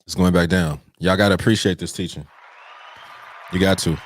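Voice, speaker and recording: Energetic man hosting a live trading show. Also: sits low, moderate pace. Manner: energetic, preachy and playful, addressing viewers directly. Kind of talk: live pre-market trading talk.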